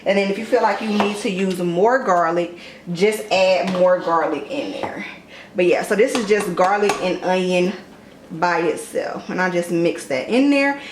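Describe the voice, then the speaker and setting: A woman's voice: on the low side, normal speed. A young woman giving a casual cooking tutorial in her home kitchen, chatty and full of fillers, calling her viewers y'all. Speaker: cooking vlogger. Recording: echoey kitchen from far off, with noise.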